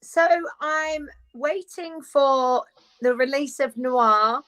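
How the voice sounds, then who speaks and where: A woman guest on a casual live video chat, lively and candid, talking from her beauty room at home. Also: high-pitched, slow pace, low-quality recording. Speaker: guest, actress. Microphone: video call.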